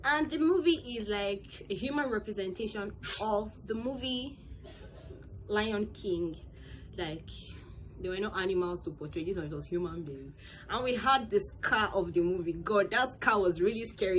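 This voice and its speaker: A young woman from Nigeria, hosting a casual movie review vlog in an excitable, chatty and emphatic way. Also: medium pitch, a little slow, a little hiss or hum, rough recording. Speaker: host.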